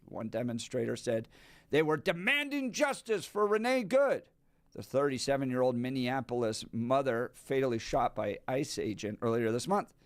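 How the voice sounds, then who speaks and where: A man's voice: mid-range voice, no room sound. A man hosting an opinion talk radio show, reading news stories aloud and adding sarcastic comments. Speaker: radio host. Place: radio studio. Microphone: studio microphone.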